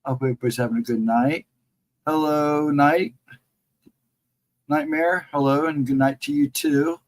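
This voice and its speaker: A man chatting on a livestream and greeting viewers by name, in a rambling casual way, his voice hoarse and cracking from laryngitis. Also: on the high side, steady tone, normal speed, poor audio. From central Ohio, United States. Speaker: livestream co-host.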